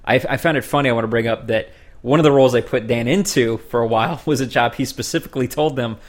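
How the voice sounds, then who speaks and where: A man of average pitch hosts a casual conversation and puts questions to his guest. He jokes a lot and often restarts his sentences as he talks. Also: quick pace. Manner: hesitant restarts, joking. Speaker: host. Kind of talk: casual chat.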